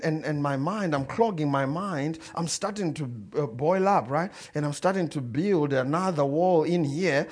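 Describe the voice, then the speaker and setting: A man preaching a sermon as a story, animated and swinging between loud and quiet, chuckling as he goes. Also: a little high. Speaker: pastor.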